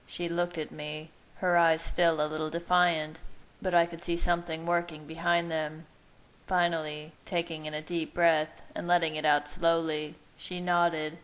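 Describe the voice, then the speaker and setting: A woman calmly narrating a fan-fiction romance story in a soft, measured way. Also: low-pitched, poor audio. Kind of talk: audiobook-style story narration.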